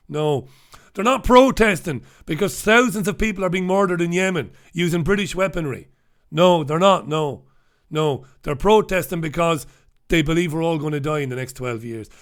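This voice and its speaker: A man hosting a sarcastic, swearing review of the day's newspapers, ranting about the stories. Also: high voice. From United Kingdom. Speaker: host. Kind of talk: scathing newspaper review monologue.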